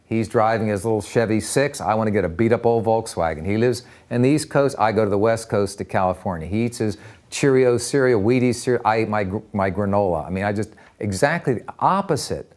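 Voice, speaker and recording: An older man telling personal stories in an interview, animated, acting out voices and often repeating words as he talks. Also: lowish voice, brisk. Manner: lively, acts out voices in anecdotes, repeats words. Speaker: interviewee, counselor.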